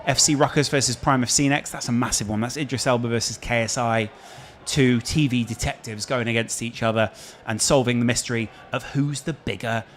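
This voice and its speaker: A man's voice: medium pitch, fairly even intonation, brisk, a bit bright, a little hiss or hum. A man with a Scouse accent hosting a casual live stream, chatting and answering viewer questions. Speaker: streamer host.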